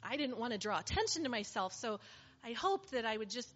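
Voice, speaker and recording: Monologue: woman as a weary woman made whole, earnest first-person testimony, slightly high voice, muffled recording. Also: sing-song, brisk, fairly bright tone. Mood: heartfelt. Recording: slightly muffled with faint hiss.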